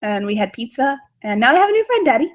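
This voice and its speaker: A woman's voice: a little high, slow pace, lo-fi sound. A woman voicing a chatty, bouncy little girl who stammers through excuses. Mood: excited. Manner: hesitant, rambling excuses.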